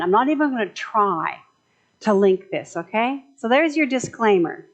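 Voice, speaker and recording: A woman's voice: fairly high pitch, lively intonation, normal speed, dull audio. A woman minister giving a chatty, joking sermon in a conversational way.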